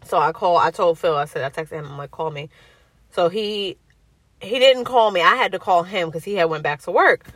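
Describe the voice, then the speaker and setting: A woman's voice: on the low side, normal speed, breathy edge, no echo. A young woman telling a personal story in casual chat, acting out the voices of the people she quotes. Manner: animated, acts out quoted voices.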